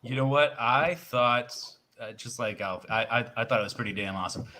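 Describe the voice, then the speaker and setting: A man's voice: mid-range voice, a little fast, pushed and bright, slight background noise. A man chatting casually and upbeat as a podcast guest.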